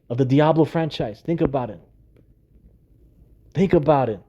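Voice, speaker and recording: A man's voice: a little high, normal speed, dark tone, slightly rough, lo-fi sound. A man delivering an aggrieved, exasperated rant to camera, swearing often and hammering the same rhetorical questions. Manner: profane, repetitive rhetorical questions. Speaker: gaming video creator. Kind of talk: ranting monologue to camera.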